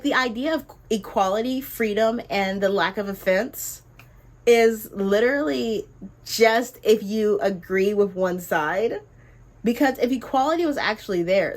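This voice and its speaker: A young adult woman telling a story in a casual vlog, animated and exclamatory, and she jumps high in pitch when she is incredulous. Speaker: vlogger.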